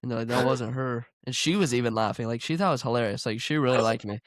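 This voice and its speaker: A man's voice: mid-range voice, fast talker, no echo. A young man co-hosting a casual chat, telling joking anecdotes full of fillers.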